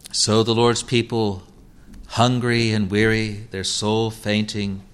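Guy preaching a sermon, kinda low voice, lots of uhs, pushes hard on the bible quotes. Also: fairly bright tone. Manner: measured, halting delivery with frequent "uh" fillers; raises emphasis when quoting scripture.

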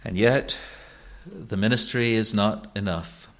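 With a lowish, fairly bright voice, this man preaches to his flock as their pastor. His delivery is sincere and deliberate, and he leans on repeated phrases for emphasis.

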